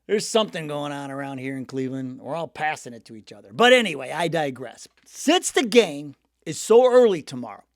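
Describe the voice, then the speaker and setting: A middle-aged man with a high, very animated voice hosts a casual sports chat while a little sick. He rambles and jokes at his own expense. The recording is dry and close. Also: a little fast, dry recording. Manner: jokey, rambling, laughs at himself. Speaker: sports podcast host.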